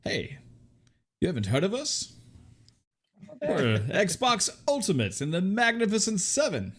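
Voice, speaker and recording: A man's voice: high voice, huge pitch swings, unhurried, breathy edge, voice pushed up, exaggerated voice. Guy doing a pompous fake-british gent, lots of swoop in the voice. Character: pompous older man, mock British accent. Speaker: podcast co-host.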